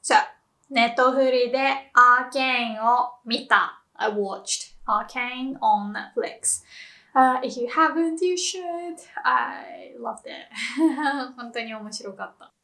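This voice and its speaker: A woman's voice: sits high, lively intonation, takes it slowly, fairly bright tone. A playful woman from Japan with a Japanese accent, who laughs often while teaching a casual video language lesson.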